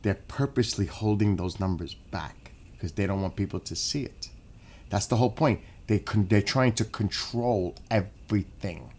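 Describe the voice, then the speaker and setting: A man streaming and ranting in a casual monologue, animated and swearing. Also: fairly low pitch, moderate pace.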